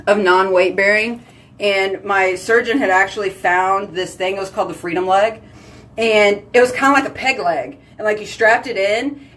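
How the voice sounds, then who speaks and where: Chatty woman host, casual and animated. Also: medium pitch. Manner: chatty, heavy use of "like", animated exclamations. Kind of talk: casual chat with viewers.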